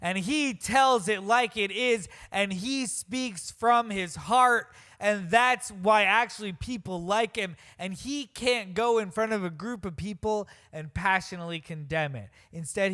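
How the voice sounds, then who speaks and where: A man's voice: high-pitched, a little slow, few pauses, sharp tone. Earnest man chatting on a podcast. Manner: earnest, rambling with restarts. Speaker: podcast co-host. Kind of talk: casual podcast chat.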